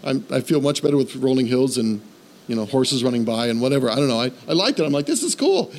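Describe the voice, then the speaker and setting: A man's voice: medium pitch, fast talker. A man preaching a sermon, telling a humorous personal story and building to a fervent call to faith. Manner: animated storytelling, self-deprecating humor; rises to fervent exhortation.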